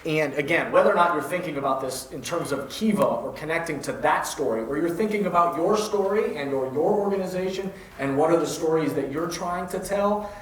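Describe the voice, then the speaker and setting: Man host with a slightly high voice, echoey room. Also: slight background noise. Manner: reflective, builds long questions. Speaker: host, interviewer. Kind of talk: conversational interview. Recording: echoey room, distant mic.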